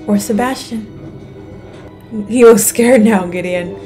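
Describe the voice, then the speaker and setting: A young woman reacting out loud to a show, gasping and thinking aloud as she watches. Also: mid-range voice, takes it slowly, soft background music. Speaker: reaction video host. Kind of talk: live reaction commentary.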